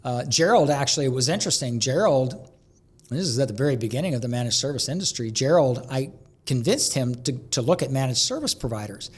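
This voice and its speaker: A man being interviewed as a guest, telling energetic stories and often restarting mid-sentence. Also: mid-range voice, fairly quick, slightly rough. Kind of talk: conversational interview storytelling.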